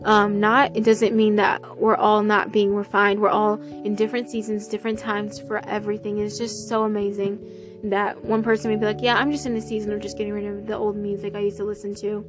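A woman hosting a casual devotional podcast, reading scripture aloud in an excitable, effusive way and sprinkling in hallelujahs. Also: mid-range voice, fairly quick, music in the background.

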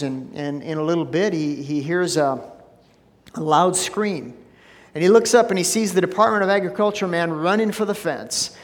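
A man preaching as pastor, folksy and chatty with frequent restarts, telling a joke and praying in a church. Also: high-pitched. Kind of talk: sermon with joke and prayer. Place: church sanctuary. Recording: long church hall reverb.

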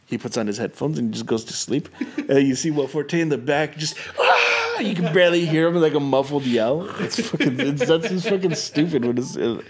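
A man's voice: a little high, fairly quick, hardly any pauses, a little mellow. A young man chatting casually as a podcast co-host, rambling, swearing and laughing through his stories. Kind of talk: casual chat.

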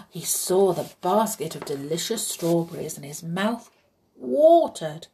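A woman reading a children's story aloud, expressive and hushed in places. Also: deep voice. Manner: expressive, hushed and breathy at times.

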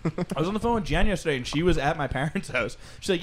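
A young man hosting a podcast in a studio, telling stories in a lively, swearing, casual way. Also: a little high, fast talker, rough recording. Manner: animated storytelling, swearing, laughing often. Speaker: podcast host. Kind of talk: casual chat.

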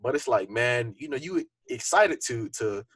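A man's voice: mid-range voice, expressive, normal speed, fairly bright tone, breathy edge, no room sound. A young man co-hosting a podcast, talking earnestly and reflectively in a casual conversation full of fillers. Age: young adult. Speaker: podcast co-host.

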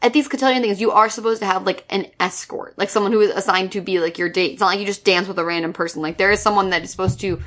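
A woman's voice: mid-range voice, steady tone, fast, few pauses, a bit bright. A woman co-hosting a podcast, reviewing a movie in a blunt, sarcastic way, swearing and laughing as she goes. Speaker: podcast co-host. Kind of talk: casual chat reviewing a movie.

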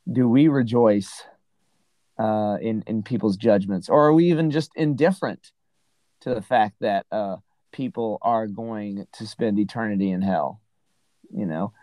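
A man with a fairly low voice talks through a scripture passage in a loose, conversational way. He circles back and restarts his thoughts, dotting them with "right?" and "you know". The sound is dry and close, with no room around it. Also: a little slow, warm tone, dry recording, rough recording. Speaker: Bible study podcast co-host. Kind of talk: casual scripture discussion.

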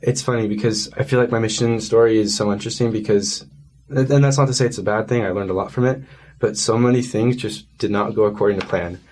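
A man's voice: on the low side, fairly even intonation, fast, darkish tone. A young man, a guest in a casual interview, talking earnestly and rambling with many fillers. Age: young adult.

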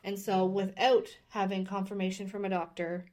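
A woman's voice: mid-range voice, little pitch movement, normal speed, a little mellow. A woman in her thirties, a podcast guest, candidly telling a personal story with open emotion. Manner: earnest and openly emotional, speaking candidly.

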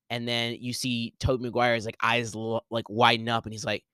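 A man hosting a podcast solo, talking excitedly and rambling, with lots of "like". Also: medium pitch, a little fast, few pauses, clear, resonant tone, no room sound. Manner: excited, rambling, heavy use of "like". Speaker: podcast host. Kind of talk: solo movie spoiler talk.

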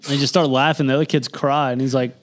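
A man's voice: medium pitch, fairly even intonation, quick pace. A young man co-hosting a podcast, telling loose, profane stories full of "like" in casual chat. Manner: loose, profane storytelling with lots of "like". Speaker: podcast co-host.

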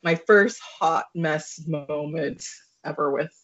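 A young woman telling a story as a podcast guest, animated and laughing, with plenty of fillers. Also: deep voice, takes it slowly. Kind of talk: casual storytelling. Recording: muffled lo-fi recording.

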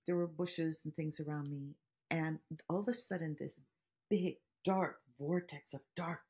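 A woman's voice: deep voice, a little mellow, slightly rough. A woman meditation teacher speaking to podcast listeners in an earnest way, explaining ideas through everyday examples and stories.

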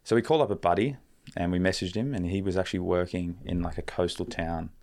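A young man with a low, gravelly voice, telling a long story as a guest on a podcast. He rambles in a laid-back way, with plenty of fillers and the odd swear word. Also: fairly even intonation, quick pace, darkish tone. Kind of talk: casual storytelling.

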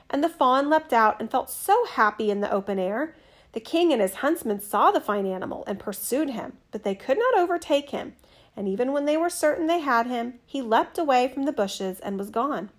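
A woman reading a fairy tale aloud in a gentle, measured, expressive storytelling manner. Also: high-pitched.

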